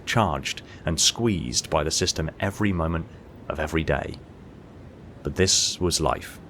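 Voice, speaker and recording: Deep-voiced male audiobook narrator. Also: slight background noise. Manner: steady, measured storytelling.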